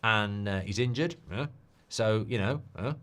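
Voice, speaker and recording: A man's voice: fairly low pitch, unhurried, fairly bright tone. A man doing a Dutch manager saying "huh?". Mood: matter-of-fact. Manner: ends phrases with a questioning "huh?". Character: Dutch football manager, middle-aged man, tic of "huh?".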